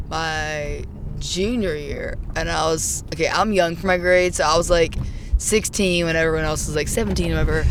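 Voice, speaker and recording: A woman's voice: lowish voice, noisy background. A young woman, a rideshare passenger, telling a story in casual chat with plenty of swearing, voice rising sharply when she relives her anger. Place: inside a car. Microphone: handheld mic.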